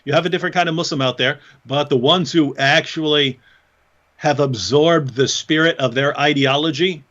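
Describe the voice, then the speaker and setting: A man co-hosting a casual livestream chat, talking in an animated, mocking way and laughing often. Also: a little high, normal speed. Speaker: co-host. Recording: dull lo-fi stream audio.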